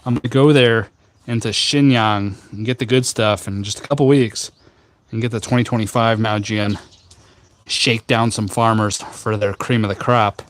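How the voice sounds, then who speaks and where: A man hosting a casual tea live stream outdoors on a rooftop garden, chatting with viewers in a jokey, rambling, deadpan way with many fillers. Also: lowish voice, normal speed. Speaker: tea livestream host.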